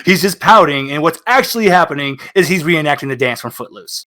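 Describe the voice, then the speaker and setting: A man playing a tabletop game, telling his character's antics in an animated way with lots of laughter. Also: on the high side, fairly quick. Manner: giggly, animated storytelling. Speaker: player. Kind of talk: casual tabletop play.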